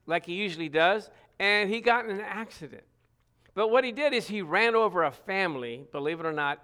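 High, smooth-voiced male preacher. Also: sharp tone. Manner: earnest, reads scripture aloud with emphatic repetition; halting restarts and fillers. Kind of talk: sermon.

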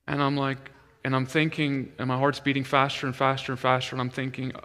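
A male minister tells his testimony in a lively storytelling sermon, and his voice turns quiet when he retells prayers. His tone is bright and forceful. The sound carries a long reverb from a large hall. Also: mid-range voice, normal speed, clean tone.

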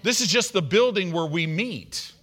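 A middle-aged man preaching an evening sermon, animated and conversational, acting out the people he quotes. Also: high voice, normal speed. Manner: animated, acts out quoted voices. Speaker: pastor.

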